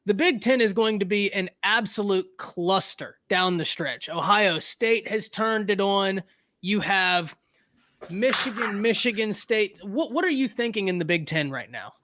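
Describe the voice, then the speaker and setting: A man hosting a casual sports talk show, animated and joking, repeating phrases for emphasis. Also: high voice, unhurried.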